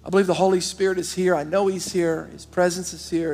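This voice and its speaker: A man with a high, gravelly voice preaches a lively sermon and talks straight to his congregation. His voice carries a long reverb from a big church hall. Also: brisk, hardly any pauses, faint music behind. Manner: animated preaching, direct address to the congregation. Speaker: pastor. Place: large church auditorium.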